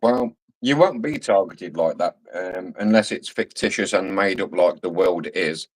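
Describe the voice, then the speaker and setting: A man's voice: sits low, measured pace, husky, rough recording. A Scottish man in casual chat, talking emphatically and repeating his points in a lecturing way. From Scotland. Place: home.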